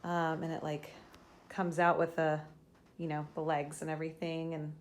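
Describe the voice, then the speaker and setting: Chatty young woman with a low voice. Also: level tone, normal speed. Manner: chatty, with many fillers and restarts; gushing and tearful over baby things. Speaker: vlogger. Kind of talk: casual vlog chat. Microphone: handheld camera.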